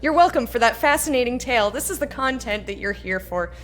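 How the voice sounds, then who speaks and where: A woman's voice: fairly high pitch, lively intonation, a little fast, fairly bright tone, faint music behind. Chatty woman rambling over gameplay. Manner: rambling, chatty, self-mocking. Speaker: let's play streamer. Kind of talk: casual gameplay commentary.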